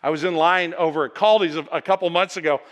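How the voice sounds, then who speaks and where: A man's voice: on the high side, fairly even intonation, fast. A middle-aged man, a pastor, preaching a conversational sermon to his congregation, often stammering and repeating words as he goes. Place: church sanctuary with congregation.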